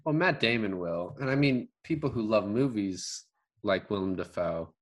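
A man's voice: on the low side, expressive, moderate pace. A man talking casually about a movie he watched, rambling with lots of fillers and restarts. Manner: rambling, many fillers and restarts, laughs often. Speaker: podcast co-host. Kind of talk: casual movie review chat.

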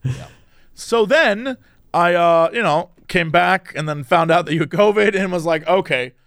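A man hosting a casual chat, telling a story with lively, acted-out quotes and big pitch jumps. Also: measured pace, no echo, clean studio sound. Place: Los Angeles.

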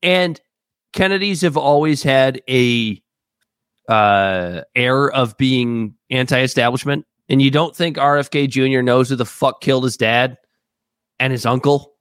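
Blunt, joking podcast co-host. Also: male voice, mid-range voice, unhurried, fairly bright tone, smooth, dry recording, studio quality. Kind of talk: casual political chat.

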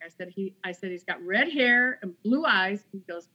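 A woman guest tells a personal story in an easy, conversational way. She acts out each quoted exchange as she goes. Her voice sits at a middling pitch, and the recording sounds a little dull and lo-fi. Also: normal speed, pushed and bright. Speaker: guest author. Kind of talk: casual storytelling interview.

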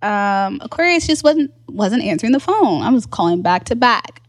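A young adult woman on a podcast, casually telling a personal story in animated bursts, filling with "like" and laughing often. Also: mid-range voice, moderate pace. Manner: animated storyteller, acts out quoted voices, frequent laughs and "like" fillers. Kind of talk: casual chat.

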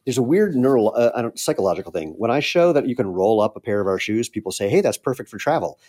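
A middle-aged man who founded a shoe company appears as a guest on a podcast interview, speaking fast in a mellow, expressive voice on the low side. He's candid and earnest, and he gets choked up.

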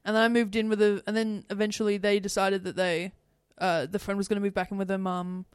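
A young woman co-hosts a podcast, chatting casually and rambling while laughing often. Her medium-pitched voice is quick, level, clear and resonant, captured as a dry, clean studio recording.

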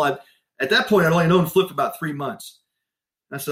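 Animated middle-aged male storyteller. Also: a little high, fast. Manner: animated storyteller, laughs often. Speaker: guest. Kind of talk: storytelling interview.

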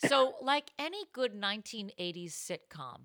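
A woman's voice: medium pitch, moderate pace, very noisy. A woman hosting a comedy podcast, talking in a playful, theatrical way from a home mic. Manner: playful, animated, theatrical gasps and laughs. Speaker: podcast host. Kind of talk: casual comedy podcast chat.

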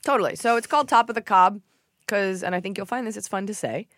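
A woman hosting a podcast, telling stories in a casual comedic chat, swearing and mimicking people in a shrill voice. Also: fast talker, dry recording, studio quality. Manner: animated storytelling, swears freely, mimics others in a shrill voice. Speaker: podcast host.

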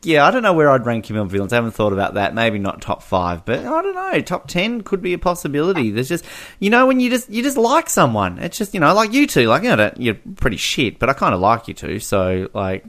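A man's voice: mid-range voice, huge pitch swings, a little fast, fairly bright tone. A man co-hosting a casual film podcast, hesitant and full of fillers, joking along. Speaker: podcast co-host.

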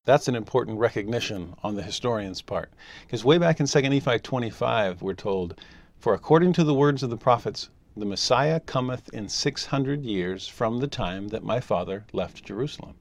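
A man teaching a scripture lesson as an animated story, briefly voicing the people he quotes. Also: mid-range voice, moderate pace, no room sound.

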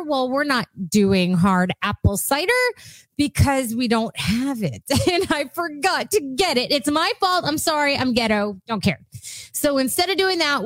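A woman's voice: high-pitched, fairly bright tone, dry recording. A woman, co-hosting a casual cocktail-making show, playful and crude, laughing often. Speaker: co-host.

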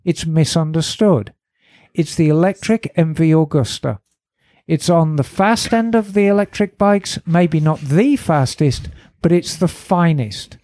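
A woman's voice: deep voice, lively intonation, measured pace, warm tone, no room sound. A woman co-hosting a casual motorcycle podcast, reading a listener's email aloud with dry asides. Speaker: podcast co-host. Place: garage studio.

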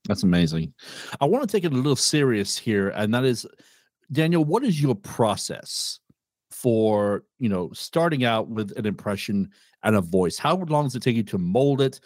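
A man's voice: mid-range voice, sing-song, moderate pace, a little mellow, dry recording, clean studio sound. A man hosting a podcast, asking his guest plain, direct questions. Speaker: podcast host. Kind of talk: interview questions.

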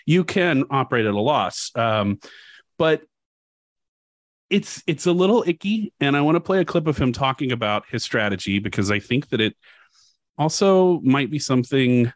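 A man's voice: mid-range voice, sing-song, normal speed, dry recording. Dry-sounding casual podcast host, a man. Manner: conversational, frank. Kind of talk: casual chat.

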